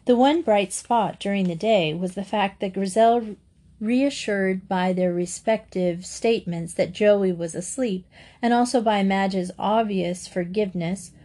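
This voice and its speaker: A woman reading a classic children's novel aloud in measured, steady narration. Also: mid-range voice. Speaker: audiobook reader. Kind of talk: scripted narration.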